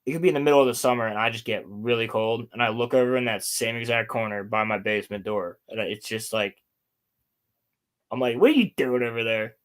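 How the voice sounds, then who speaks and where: A young man hosting a casual podcast chat, telling animated stories and swearing often. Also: fairly low pitch, a little fast, clean tone. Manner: animated storytelling, heavy swearing. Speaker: podcast host.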